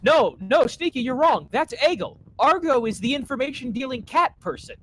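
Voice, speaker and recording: A man's voice: very high-pitched, very animated, moderate pace, a bit bright, a little hiss or hum, low-quality recording. A man co-hosting a casual comedy show, teasing and correcting his partner. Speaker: co-host.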